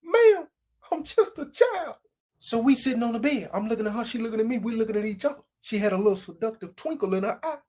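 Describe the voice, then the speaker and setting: Husky woman telling a comic story. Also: a little high, very fast, few pauses. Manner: animated, slangy, acts out voices and sound effects. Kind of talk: comedic storytelling.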